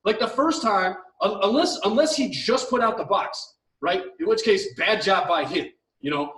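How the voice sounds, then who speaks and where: A man's voice: high voice, expressive, moderate pace, pushed and bright, roomy sound, recorded from a distance, poor audio. A man co-hosting an advice podcast, ranting heatedly with lots of swearing and mocking impressions of the people he talks about. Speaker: podcast co-host.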